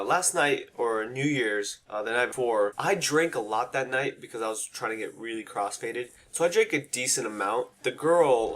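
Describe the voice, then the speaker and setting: A man's voice: medium pitch, a bit bright. Rambling young man telling a story. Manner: rambling, swears a lot, acts out quotes. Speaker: storytime vlogger. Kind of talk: casual storytelling.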